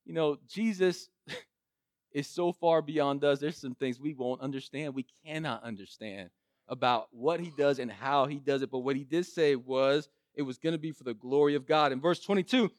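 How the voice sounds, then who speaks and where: A male preacher retelling a Bible story in an animated sermon, with frequent restarts. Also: fairly high pitch, normal speed, dry recording, clean studio sound.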